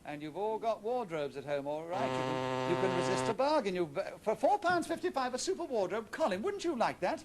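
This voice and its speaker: A man hosting a television quiz show in a studio, chatty and brisk, teasing the contestants as he reads out the questions. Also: high-pitched.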